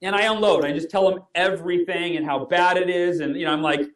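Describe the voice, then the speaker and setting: Man, thirties, high voice, animated storyteller, roomy distant sound. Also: fast. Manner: animated, acts out quoted dialogue. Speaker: interview guest. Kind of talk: storytelling in a casual interview. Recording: echoey room, voice from far off.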